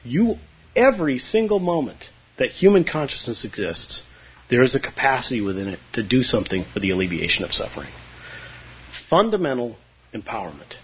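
A man's voice: medium pitch, big pitch swings, brisk, a little hiss or hum. A man giving a conversational, humorous Zen dharma talk, now and then acting out his students' voices. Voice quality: husky. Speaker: Zen teacher. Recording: dull lo-fi recording.

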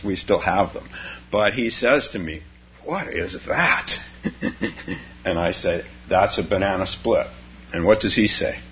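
An older man, a Zen teacher, giving a dharma talk full of personal stories and frequent chuckles. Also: low voice. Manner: chuckles often while telling stories. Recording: dull lo-fi recording with faint noise.

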